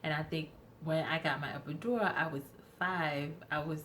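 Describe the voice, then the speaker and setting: A young woman with a low voice tells a rambling storytime straight to her viewers, stopping often to correct herself. Her talk is casual and chatty. A faint hum of room ambience sits behind her. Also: steady tone, normal speed, a bit bright. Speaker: vlogger.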